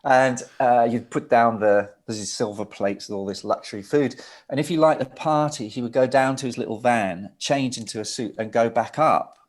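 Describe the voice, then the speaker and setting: Speaking at a moderate pace with hardly any pauses, this middle-aged English record producer has a mid-range voice. He's a guest in a relaxed interview, talking about his family history in a rambling, anecdotal way and frequently starting sentences over.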